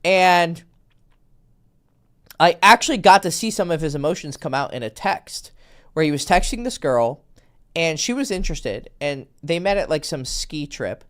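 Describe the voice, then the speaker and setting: A man's voice: fairly high pitch, normal speed. A man working as a dating coach, talking casually and bluntly, swearing now and then and acting out quoted texts as he tells stories. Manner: animated storytelling, acts out quoted texts. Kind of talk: casual podcast conversation.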